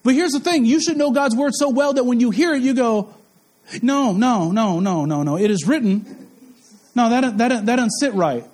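Preacher, male, very high voice, fervent and repetitive, quizzes the congregation. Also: normal speed, darkish tone. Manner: impassioned, repetitive, asks the crowd questions. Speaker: pastor. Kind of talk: sermon.

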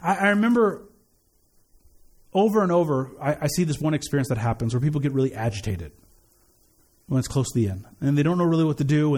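A man's voice: a little high, darkish tone. A man giving a conversational sermon as a pastor, earnest, repeating key phrases and often restarting his sentences. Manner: frequent stammered restarts.

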